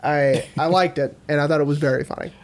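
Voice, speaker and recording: Young man, podcast co-host, slightly high voice, thoughtful, hedging, analytical. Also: fairly even intonation, quick pace. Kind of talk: casual movie discussion podcast.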